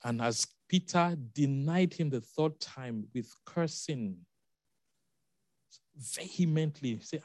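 A man's voice: fairly high pitch, slow, darkish tone, no echo. A man preaching a sermon, emphatic, repeating key phrases and making asides to the congregation.

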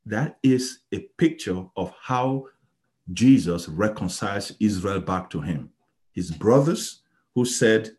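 A man from Nigeria preaching a sermon, telling a story with sudden loud exclaims and soft pleading passages. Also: on the low side, sing-song, a little slow.

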